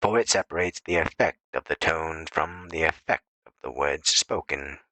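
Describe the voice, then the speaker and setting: Man, audiobook narrator, extremely low voice, bright tone, dry close sound, measured reading. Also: dry recording, rough recording. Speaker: audiobook reader.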